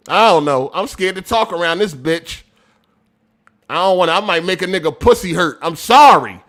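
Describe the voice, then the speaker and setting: A high-pitched man hosts a casual gaming podcast livestream, reading viewers' super chats aloud at normal speed. He's loud and animated, laughs often, and talks in street slang.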